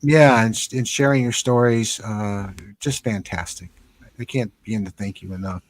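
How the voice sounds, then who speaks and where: A man hosting a live stream interview over a video call, talking in a relaxed way with many fillers. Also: fairly low pitch, moderate pace. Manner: relaxed, thankful sign-off with fillers. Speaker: host.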